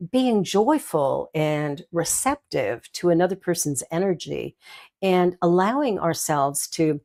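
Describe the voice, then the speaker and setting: An older woman, a minister hosting her own show, telling stories and giggling as she talks. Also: low-pitched. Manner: warm storytelling with giggles and asides. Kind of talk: inspirational talk.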